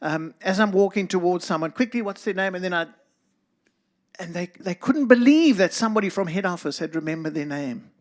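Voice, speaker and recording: A middle-aged man with a South African accent speaks to a congregation in an earnest, preacherly way. His voice sits fairly high for a man, and he turns now and then to address people in the room by name. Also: lively intonation, brisk. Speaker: guest speaker. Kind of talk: church talk to a congregation.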